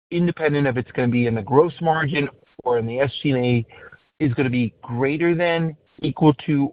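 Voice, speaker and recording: A man's voice: mid-range voice, no echo. A man, a financial analyst, asking polite and carefully worded questions on an earnings call. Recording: tinny phone line.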